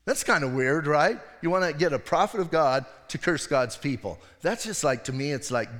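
A man's voice: fairly high pitch, expressive, moderate pace, few pauses, fairly bright tone, big-room sound. A middle-aged male pastor giving a sermon, retelling the story in a casual, conversational way with acted voices.

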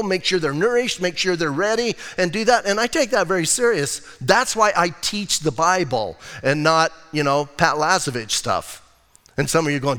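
A man's voice: fairly high pitch, lively intonation, normal speed, bright, forceful tone, in a large hall. A man preaching as pastor in a casual, joking, verse-by-verse sermon, often breaking in with "hey". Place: church sanctuary.

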